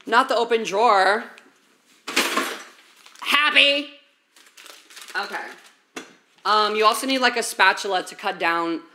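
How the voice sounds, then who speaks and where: Sassy high-voiced woman streaming while cooking. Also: sharp tone. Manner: sassy, chatty, swears a lot, calls viewers baby and girl. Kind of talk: casual live-stream chat while cooking. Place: home kitchen. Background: faint music.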